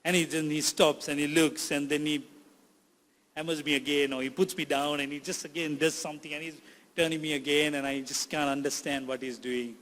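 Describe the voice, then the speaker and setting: Man playing a frightened clay teapot, lower voice than his own, echoing in a reverberant hall. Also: flat delivery, a little fast, a bit bright, natural voice. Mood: distressed. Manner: first-person storytelling, cries out in distress. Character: clay teapot being shaped, frightened and complaining.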